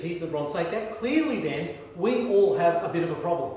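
A man preaching a sermon, telling stories with lively humor and dropping to soft, hushed emphasis. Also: fairly high pitch, moderate pace, few pauses, slight background noise. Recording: echoey hall, distant mic.

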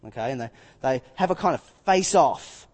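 A man preaching a sermon, retelling scripture with lively acted-out quotes. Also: medium pitch, moderate pace, big-room sound.

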